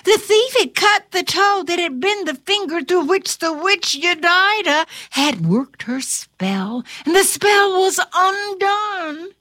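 A woman's voice: extremely high pitch, lively intonation, slow pace, few pauses, bright, forceful tone, no echo. A woman reading a storybook aloud with theatrical flair, dropping to whispers and rising to cries, then chatting with her listener.

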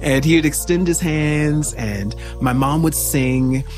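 A man's voice: a little high, slow, darkish tone, faint music behind. Reflective man telling his story. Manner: reflective, searching for words. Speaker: interview guest. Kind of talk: personal storytelling in an interview.

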